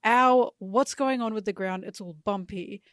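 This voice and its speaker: A woman's voice: medium pitch, moderate pace, fairly bright tone, dry recording, clean studio sound, lightly acted. A woman reading out a young female sailor's lines in a raised, panicky voice. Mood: confused.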